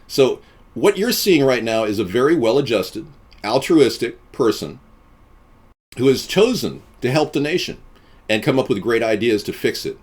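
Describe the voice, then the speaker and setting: A man hosting a live stream, chatting with viewers in a deadpan, boastful way and jumping from topic to topic. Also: mid-range voice, normal speed, slightly rough.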